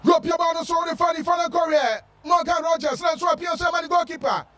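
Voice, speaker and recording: Very high-pitched shouting football commentator. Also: male voice, fairly even intonation, fairly quick, far from the mic. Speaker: sports commentator.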